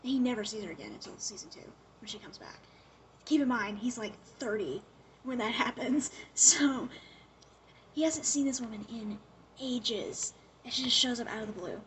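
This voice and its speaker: In a casual chat, a young woman gossips her way through a TV show's plot, her voice a bit higher than the typical woman's. She's a show recapper telling the story with animated energy, stuffing it with "like" and quick acted-out quotes. A faint hiss or hum sits underneath.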